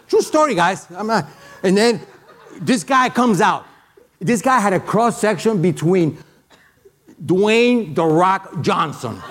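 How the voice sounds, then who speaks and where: A middle-aged man with a foreign accent preaching a sermon and telling a personal story in an animated way, with many halting restarts. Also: fairly high pitch.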